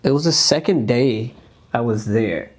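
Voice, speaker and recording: A young adult man from the United States telling a story as a dancer guest on a podcast, casual and animated, acting out quoted speech with lots of fillers. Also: mid-range voice, measured pace.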